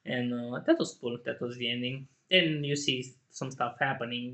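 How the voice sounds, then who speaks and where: A man in a casual solo rant who laughs often, swears, and jumps to indignant shouting. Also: mid-range voice, normal speed, hardly any pauses. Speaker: channel host.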